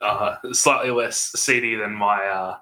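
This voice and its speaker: An Australian man with a bright, forceful voice chats as a podcast guest. He hesitates and restarts his phrases often as he explains things. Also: on the low side, fairly even intonation, unhurried. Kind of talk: casual podcast chat.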